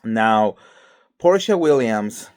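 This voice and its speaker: A man's voice: on the low side, lively intonation, slow pace, a little mellow. A man hosting a casual pop culture commentary show, chatty and gossipy, full of fillers like "girl" and "okay". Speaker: host.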